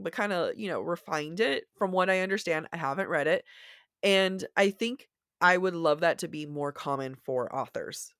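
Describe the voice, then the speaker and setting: A woman's voice: sits low, fairly bright tone, smooth, dry recording, clean studio sound. A woman co-hosting a podcast, chatting casually about books in a rambling, self-deprecating way with many restarts. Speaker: podcast co-host. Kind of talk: casual book chat.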